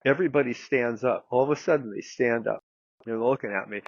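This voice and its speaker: Man, gravelly, rambling casual anecdote, dull lo-fi recording. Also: medium pitch, fairly quick, no room sound. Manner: rambling anecdote with many fillers and some swearing. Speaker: guest therapist. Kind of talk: casual storytelling.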